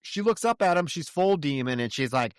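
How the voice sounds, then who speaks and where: A man's voice: a little high, lively intonation, fairly quick, clean tone, dry recording, studio quality. A man co-hosting a podcast, recapping a horror film in casual, profane chat and acting out bits of dialogue. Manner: profane, retells scenes with quoted dialogue. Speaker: podcast co-host.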